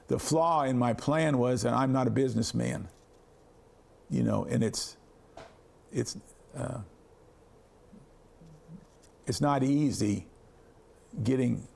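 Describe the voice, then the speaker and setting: Older man from Kansas, science educator, interview storyteller. Gravelly, husky voice. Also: medium pitch. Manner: animated anecdotes, acting out the voices of others.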